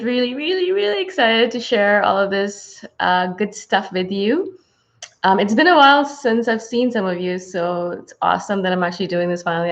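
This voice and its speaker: A woman hosting a spiritual channel, chatting casually and warmly with viewers on a livestream, full of fillers and excited asides. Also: fairly high pitch. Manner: bubbly, greets viewers, many fillers. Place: home, from Houston. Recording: slightly dull lo-fi livestream audio.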